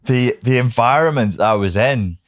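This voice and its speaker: A man's voice: mid-range voice, normal speed, dry recording, studio quality. A middle-aged man from the Wirral with a Merseyside accent, hosting a casual conversation and telling candid stories. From Wirral, England. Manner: animated storyteller, candid. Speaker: podcast host.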